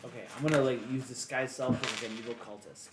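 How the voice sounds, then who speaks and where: A man's voice: medium pitch, steady tone, quick pace, roomy sound, crowd noise. A man playing a tabletop game with a hesitant, rambling and mischievous way of talking.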